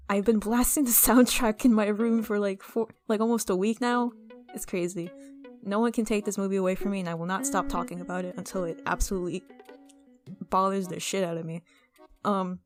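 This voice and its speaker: A young woman talking casually and excitably as she vlogs over a speedpaint, rambling with restarts and asides. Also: medium pitch. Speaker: artist vlogger.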